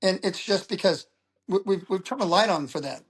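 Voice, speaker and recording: A man's voice: sits high, fairly quick. Middle-aged man telling stories animatedly. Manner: animated storyteller who acts out quoted voices. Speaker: guest, public speaker. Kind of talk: casual interview talk.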